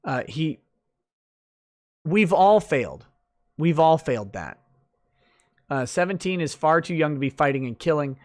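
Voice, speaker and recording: Rambling male livestream host, slightly high voice. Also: expressive, a little slow, pauses often. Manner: loose, rambling, many fillers and restarts. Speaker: livestream host reading viewer comments. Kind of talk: casual late-night livestream chat.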